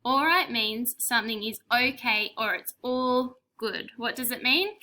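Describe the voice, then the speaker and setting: A young woman, teaching a recorded spelling lesson to young children, clear and encouraging with prompts and praise. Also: on the high side, a little slow, sharp tone. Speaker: primary school teacher.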